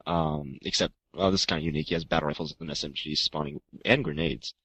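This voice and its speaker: A man's voice: extremely low pitch, fairly even intonation, fast talker, fairly bright tone, slightly rough, no room sound. A man co-hosting a gaming podcast, describing listener creations with jokey asides. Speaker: podcast co-host. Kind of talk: casual chat.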